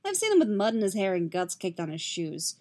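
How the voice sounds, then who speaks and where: A woman's voice: mid-range voice, sing-song, brisk, mellow, close to an everyday voice. Woman voicing a rueful tipsy male bard. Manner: dry, rueful, slurs slightly from drink. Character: wry tipsy male bard, self-mocking.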